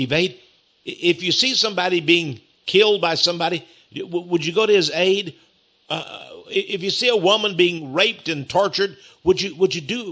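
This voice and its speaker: A man's voice: sits high, pushed and bright. A man preaching a sermon, telling the story with rhetorical questions to his listeners.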